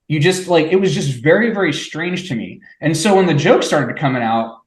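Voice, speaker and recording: A man's voice: on the high side, expressive, normal speed. A man in his forties telling stories in a casual chat among old friends, wry and dry, with lots of hedging fillers. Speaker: podcast co-host. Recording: echoey room.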